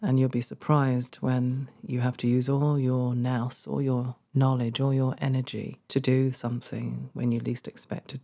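A middle-aged woman telling a personal story in an interview, earnest and warm, laughing often and growing emotional. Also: extremely low pitch, flat delivery, moderate pace, vocal fry, hardly any pauses. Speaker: guest, former social care worker. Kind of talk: conversational storytelling.

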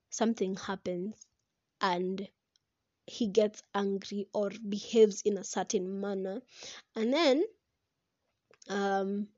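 A young woman talks straight to camera in an animated, chatty way. Her voice sits at a middle pitch. The sound is dry and a little dull. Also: no room sound. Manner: chatty and animated, breaks into laughter, slips into Swahili. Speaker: vlogger. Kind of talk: casual talk to camera about relationships.

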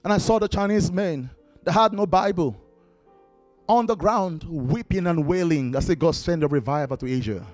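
A man's voice: fairly high pitch, moderate pace, a little mellow, no echo. A man preaching a sermon, exhorting his congregation with repeated commands and breaking into worship singing. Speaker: pastor. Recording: dry close mic with worship music behind.

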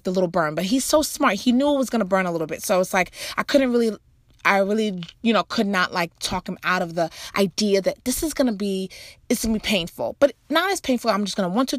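A woman's voice: mid-range voice, fairly bright tone, no echo. A woman talks to her viewers in a loose, chatty way, circling back with "you know" and restarting her thoughts as she shares a faith-based personal story. Her voice sits in an ordinary middle range and lifts animatedly as the story builds. The sound is dry and close, with almost no room around her. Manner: chatty, rambling, full of "you know" asides. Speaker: mother sharing a faith talk.

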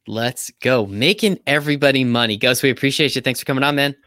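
A man's voice: mid-range voice, fast, bright, forceful tone, no echo, clean studio sound. A man hosting a sports betting podcast, chatting casually and hyping his guests. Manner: upbeat, hypes guests and recaps picks. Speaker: podcast host.

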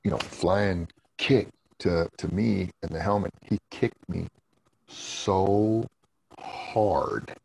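A man's voice: deep voice, takes it slowly, gravelly, a little mellow, slightly rough, low-quality recording. A man as a podcast guest, telling stories in a laid-back, casual way, swearing freely and laughing between lines. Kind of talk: casual storytelling chat.

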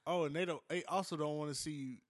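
A man's voice: on the high side, steady tone, fast talker. A man hosting a casual podcast chat, reflective, often chiming in and finishing his co-host's lines. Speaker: podcast host.

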